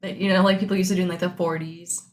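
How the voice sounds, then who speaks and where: A woman's voice: fairly low pitch, level tone, racing, a little mellow. A woman co-hosting a podcast in casual chat, giggly and rambling, saying "like" constantly. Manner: giggly, rambling, heavy use of "like". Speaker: podcast co-host.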